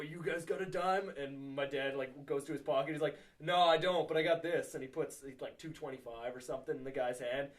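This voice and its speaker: Young man with a lively story voice. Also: fairly high pitch. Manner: animated storyteller, swearing, laughing. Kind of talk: casual podcast chat among friends. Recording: distant from the mic.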